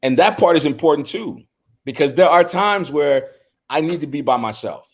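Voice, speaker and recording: A man's voice: on the high side, expressive, moderate pace. A middle-aged man on a men's talk show, speaking earnestly in casual conversation and often repeating words as he starts a thought.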